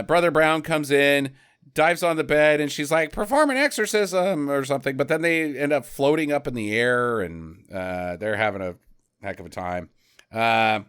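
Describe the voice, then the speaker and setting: A man's voice: on the high side, fairly bright tone, smooth. A man casually recapping a bad movie, rambling and sarcastic, with mocking quoted voices. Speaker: podcast co-host.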